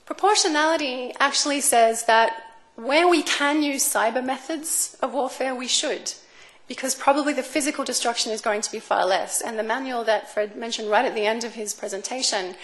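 Woman, fairly high voice, lecturing on law, measured delivery with fillers. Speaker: speaker on space law. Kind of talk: academic talk. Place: lecture room.

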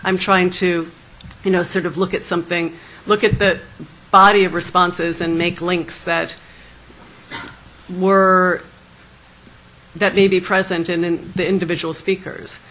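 A woman's voice: lowish voice, flat delivery, measured pace, fairly bright tone, slight background noise, rough recording. A woman artist thoughtfully explaining her work at a panel discussion, hesitant and laughing lightly.

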